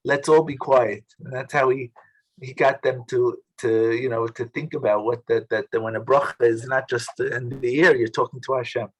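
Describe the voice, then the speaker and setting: A man leading a study group over a video call, talking in a casual, halting way with many restarts. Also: medium pitch, level tone, husky, low-quality recording. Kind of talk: casual teaching talk.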